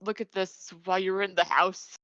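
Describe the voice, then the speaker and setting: A woman voicing a gruff, teasing teenage boy in a curt, bossy way. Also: medium pitch, little pitch movement, normal speed, a bit bright, dry recording, dull audio, natural voice.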